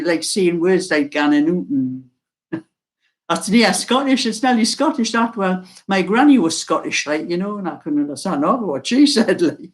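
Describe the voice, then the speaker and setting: An older woman with a mild Geordie accent, chatting slowly and casually to her viewers as host of a knitting channel, laughing often. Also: on the low side. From North East England.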